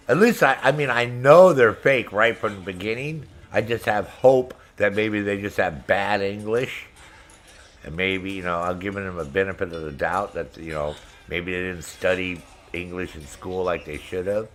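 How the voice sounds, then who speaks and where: A man's voice: sits low, normal speed. Middle-aged male game streamer, foul-mouthed and brash, laughs a lot while chatting with viewers. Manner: profane, brash, laughs often. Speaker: gaming streamer. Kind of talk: casual chat with stream viewers.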